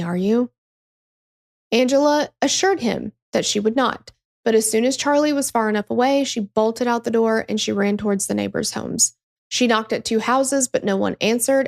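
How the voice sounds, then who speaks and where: A woman's voice: a little high, creaky. A woman hosting a true crime podcast, telling the story in a casual, emphatic way and swearing freely.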